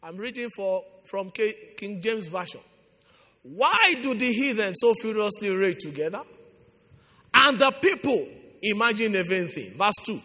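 A pastor leading a fervent prayer meeting, urging and repeating his lines, swinging from soft pleading to shouting. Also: high voice, animated, measured pace, big-room sound. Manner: impassioned, repetitive exhortation, swings from soft to shouting.

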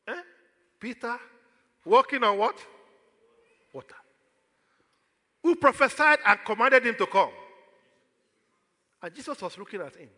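A man's voice: extremely high pitch, sharp tone, in a large hall. A man with a Nigerian accent preaching a sermon as pastor, throwing questions out to the congregation for them to answer.

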